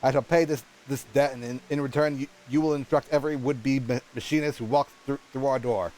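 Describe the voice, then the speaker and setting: A man's voice: mid-range voice, steady tone, a little fast, a little mellow, lightly acted, low-quality recording. A man voicing a polite, proper male noble patron, reading game dialogue aloud in a formal manner and stumbling over words.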